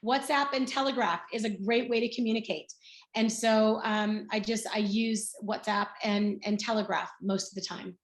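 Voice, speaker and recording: A woman's voice: medium pitch, fairly even intonation, normal speed. A woman in her sixties telling her personal story in a chatty, storytelling way on a video call, acting out bits of dialogue as she goes. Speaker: guest speaker. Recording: roomy echo.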